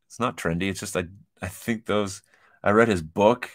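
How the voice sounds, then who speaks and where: A man's voice: fairly low pitch, normal speed. A man hosting a casual kitchen-design show, reading an online quiz aloud and joking through it. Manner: joking, chatty, reads quiz items aloud with asides. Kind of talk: casual commentary over a shared screen.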